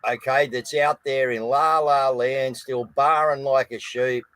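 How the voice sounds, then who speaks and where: A man's voice: medium pitch, steady tone, measured pace, fairly bright tone, no echo, poor audio. An Australian man co-hosting a live news stream, talking casually and blokey, often calling his viewers guys.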